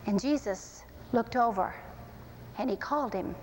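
A woman preaching and teaching from the Bible, animated and acting out the scenes as she tells them. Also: sits high, brisk, in a large hall, noisy background. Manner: animated, acts out scenes with shifting pace. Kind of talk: sermon-style Bible teaching.

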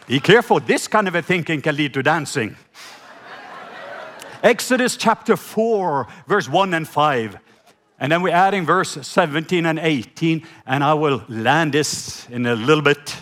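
A man from Norway preaching a sermon in his second language, animated and acting out the voices in his retelling, with stammers. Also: on the high side, unhurried, a little hiss or hum. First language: Norwegian.

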